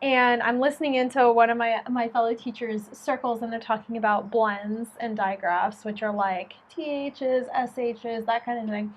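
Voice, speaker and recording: Animated high-voiced woman telling a story. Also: normal speed, hardly any pauses. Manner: animated storyteller, acts out voices, laughs often. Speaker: co-host and book reader. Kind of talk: casual chat with read-aloud passages.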